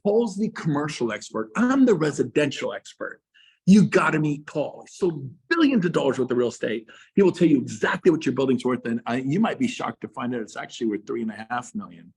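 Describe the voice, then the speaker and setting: A middle-aged man with a husky, slightly breathy voice at an ordinary male pitch delivers a fired-up motivational talk to fellow realtors. He hammers his points with repeated phrases, and his voice leaps higher and louder whenever he pushes hardest. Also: big pitch swings, brisk. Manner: passionate, emphatic, repeats phrases, big swings in pitch and loudness.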